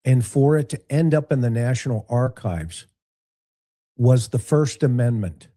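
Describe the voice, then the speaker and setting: A man giving opinionated commentary on a livestream, deliberate, with rhetorical questions. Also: medium pitch, animated, warm tone.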